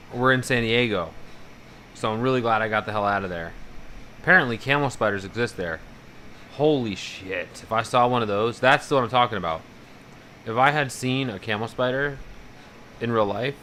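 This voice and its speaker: Casting note: male streamer, lowish pitch, bright edge, rambling casual chatter with a faint hum behind. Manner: rambling, profane, animated about fears. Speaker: livestreamer. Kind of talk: casual live-stream chat, reading out viewer messages.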